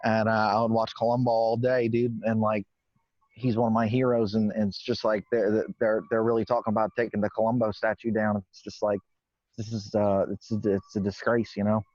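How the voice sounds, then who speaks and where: A man with a fairly low, slightly mellow voice delivers brisk, flat lines, lightly acted, as a jittery working-class character who rambles, stammers and casually swears. It's an improvised comedy character interview with dull, lo-fi, dry sound and no echo.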